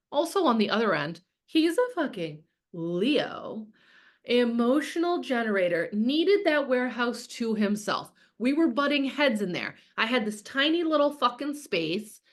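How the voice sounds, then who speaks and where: This woman's voice is on the high side and fairly bright. As a business coach teaching a live online masterclass, she speaks candidly and casually, swearing freely, reading viewers' comments as she goes, and relying heavily on fillers like "like."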